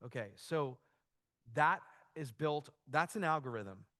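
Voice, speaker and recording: A man's voice: a little high, expressive, a little slow, pushed and bright, dry recording, clean studio sound. Casual man presenting a church workshop. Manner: casual, loose, with frequent restarts and "like". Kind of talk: conversational church workshop talk.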